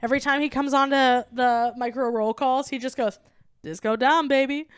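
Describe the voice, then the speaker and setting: A young adult woman co-hosting a comedy podcast, chatting casually and excitedly with lots of "like" and quoted impressions. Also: high-pitched, smooth, dry recording, studio quality. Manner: bubbly, rapid recaps full of "like" and quoted impressions. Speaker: podcast co-host.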